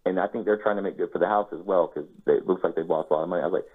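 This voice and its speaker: A man's voice: low voice, rapid-fire, hardly any pauses, husky. A man telling a casual first-person anecdote, swearing freely and acting out his own quoted lines. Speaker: storyteller. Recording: tinny phone-like sound.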